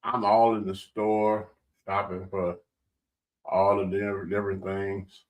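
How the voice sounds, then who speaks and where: A man's voice: low voice, flat delivery, a little slow. A man co-hosting a casual radio talk show, asking questions and telling stories. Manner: storytelling, asks leading questions. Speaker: radio co-host.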